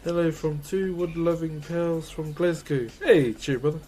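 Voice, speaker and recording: A man's voice: a little high, measured pace, dark tone, soft background music. A man chatting casually on a live stream while woodcarving, laughing often and greeting viewers. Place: carving workshop.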